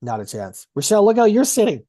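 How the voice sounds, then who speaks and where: A woman's voice: mid-range voice, sing-song, fast, warm tone, no echo. A woman coaching a group on a video call about sales, talking bluntly and energetically with plenty of swearing.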